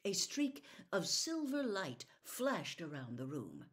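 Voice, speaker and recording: Woman storybook reader, lowish voice, lively expressive delivery, soft on quiet passages. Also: slow pace. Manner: expressive, soft-spoken character reading. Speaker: audiobook reader. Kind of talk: storybook reading aloud.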